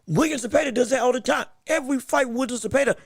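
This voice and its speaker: A man hosting a livestream fight commentary podcast, excitable and emphatic, talking in casual slang and repeating himself for emphasis. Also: very high-pitched, quick pace, creaky, no echo, studio quality. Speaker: podcast host.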